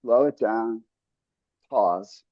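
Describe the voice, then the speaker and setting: A man's voice: fairly low pitch, extremely slow, no room sound, dull audio. Earnest man coaching in a dry room. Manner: earnest, coaching tone with frequent restarts and "right?". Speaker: podcast host. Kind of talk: casual podcast conversation.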